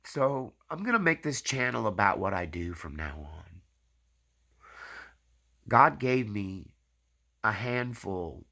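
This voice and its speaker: A man's voice: fairly low pitch, gravelly, pushed and bright. A man hosting his own channel, giving a rambling personal faith testimony full of tag questions. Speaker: channel host.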